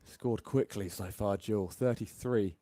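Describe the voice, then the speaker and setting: Lowish, chatty male cricket commentator. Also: measured pace, mellow. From England. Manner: chatty, laughs easily between balls. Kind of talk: live ball-by-ball commentary.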